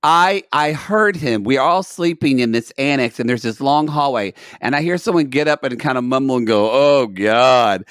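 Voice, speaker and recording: Lively chatty podcast host, man. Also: mid-range voice, a little fast, few pauses, dry recording, clean studio sound. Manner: chatty storyteller, animated quoting. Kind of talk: casual chat.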